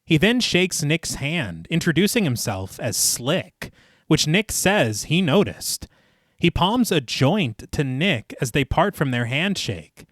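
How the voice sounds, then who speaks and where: With a slow pace and a voice on the high side, a horror podcast host narrates a film's plot before joking around in casual chat. The studio-quality recording has no room sound, and his delivery stays lively.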